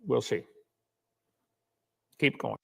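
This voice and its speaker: A man's voice: drawn-out words, a bit bright. A man preaching a sermon in an earnest, storytelling manner.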